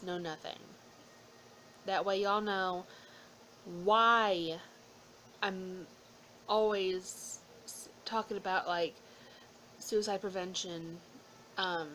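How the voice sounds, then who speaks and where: A woman vlogger rambles through a casual channel update in a voice of middling pitch. She sounds emotional and close to tears, often slipping into a hushed whisper. Faint room ambience hums behind her. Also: a little hiss or hum, low-quality recording. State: holding back tears. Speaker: YouTuber.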